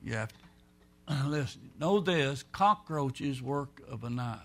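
A pastor preaching a folksy, rambling sermon, swinging between loud and soft. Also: male voice, medium pitch, animated, slow.

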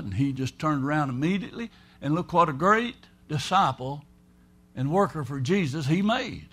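A man's voice: fairly high pitch, expressive, moderate pace, a bit bright. A man preaching a sermon in a folksy, emphatic way, acting out the voices of people he quotes.

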